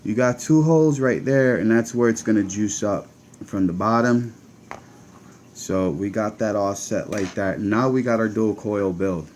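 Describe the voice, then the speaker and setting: A man's voice: on the low side, a little slow, darkish tone, a little hiss or hum. A man with a Connecticut accent, casually talking viewers through a hands-on build as he works. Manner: chatty, talks to viewers while working. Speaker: vape channel host.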